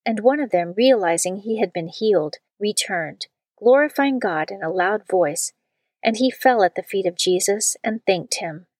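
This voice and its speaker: A woman's voice: mid-range voice, lively intonation, a little mellow, no echo. Woman reading scripture, dry close sound. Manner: measured, solemn reading. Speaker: scripture reader. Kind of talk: reading liturgy and prayers.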